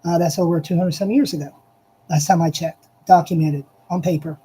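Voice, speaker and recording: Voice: medium pitch, fairly even intonation, a little fast, mellow, a little hiss or hum, low-quality recording. A speaker giving an impassioned, repetitive monologue, addressing listeners directly and hammering each point with emphasis. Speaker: political commentator.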